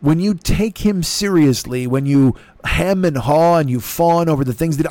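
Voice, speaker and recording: A man hosting a podcast, delivering a profane, exasperated comedic rant in an animated, sweary way. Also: on the high side, normal speed, few pauses, dry recording. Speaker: podcast host.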